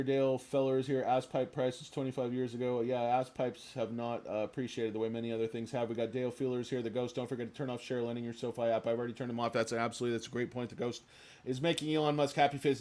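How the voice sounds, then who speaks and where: A man hosting a livestream in casual chat, rambling and joking with lots of swearing. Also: medium pitch. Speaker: livestream host.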